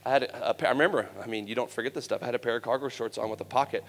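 A man's voice: mid-range voice, steady tone, very fast, fairly bright tone. A man giving a personal testimony sermon at a youth camp, telling his story in a candid, conversational way with humor. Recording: long hall reverb, faint music.

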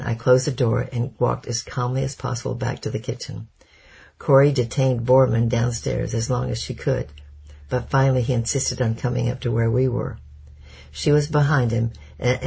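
A man narrating a chapter of an audiobook in a steady, measured storytelling manner. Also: medium pitch, creaky, breathy edge. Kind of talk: scripted narration.

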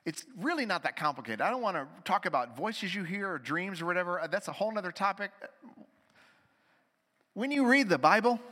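A male pastor preaching a sermon in a church sanctuary. His voice sits a little high and rings bright. He drives his points hard, then drops to slow, hushed phrases, and long reverb trails every line. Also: big pitch swings. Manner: preaching with sweeping dynamics, from loud emphatic to hushed and slow.

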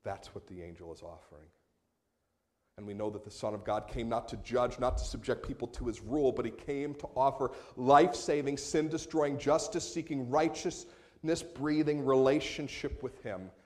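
A man preaching a sermon as pastor, moving between quiet, slowed passages and raised, emphatic appeals. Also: mid-range voice.

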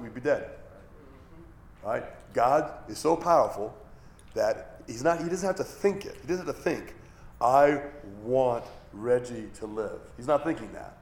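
A man's voice: mid-range voice, a little mellow. A man teaching the Bible as a pastor. He talks in a conversational way, often restarts phrases and checks in with "all right?".

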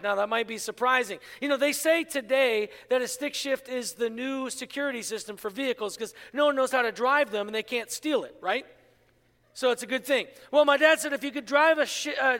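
A middle-aged man from Pittsburgh preaching a sermon, telling a story with lively asides and frequent "right?" to the congregation. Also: extremely high pitch, gravelly. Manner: storytelling, animated, asks audience "right?". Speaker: pastor. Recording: hall with long reverb.

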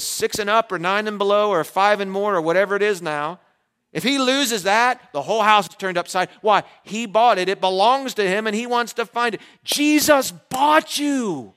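Man, forties, pastor preaching in a church, high voice, animated delivery, loud then hushed. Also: clear, resonant tone. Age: 40s. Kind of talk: sermon.

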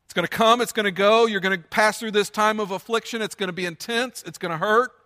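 A pastor preaches at a quick pace in a church sanctuary, earnest and emphatic, returning to his points again and again. His high, bright voice rings with a long reverb off the large room.

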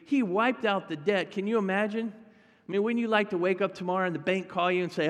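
A man's voice: sits high, fairly quick, a bit bright, big-room sound. A male pastor preaching a sermon in a conversational way, talking directly to his congregation.

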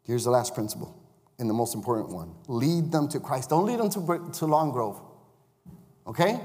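A man's voice: mid-range voice, animated, normal speed, a little mellow. Male chaplain-preacher, mid-range voice, chatty sermon delivery, recorded in a church sanctuary with a long echo. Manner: conversational, asks the congregation questions.

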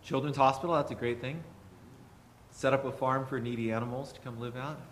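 A man's voice: mid-range voice, fairly even intonation, fairly quick. Rambling man leading a Bible study. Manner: rambling, self-correcting, many fillers. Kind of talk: casual teaching and scripture reading.

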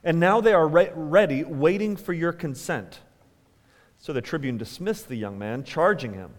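A man's voice: mid-range voice, animated, moderate pace. A man, a pastor, reading scripture aloud to a standing congregation in an earnest, emphatic way. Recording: reverberant hall.

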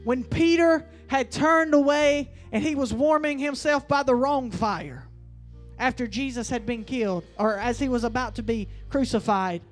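A man preaching a fiery revival sermon, swinging between loud bursts and slow, emphatic lines. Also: very high-pitched, faint music behind.

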